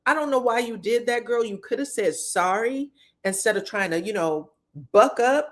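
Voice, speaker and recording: A woman recapping a reality TV episode, talking candidly and straight to the cast, slangy and quick to swear. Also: on the high side. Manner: slangy and expressive. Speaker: reality TV commentator.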